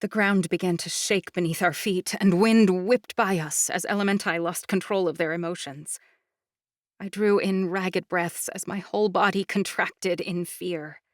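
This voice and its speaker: A woman's voice: fairly low pitch, fairly even intonation, a little slow, no echo. Woman narrating an audiobook, dry. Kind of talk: scripted first-person narration.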